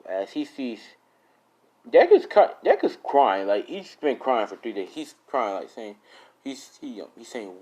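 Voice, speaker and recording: A man's voice: medium pitch, animated, moderate pace, warm tone. A young man casually improvising a fan story, rambling, swearing and correcting himself as he goes.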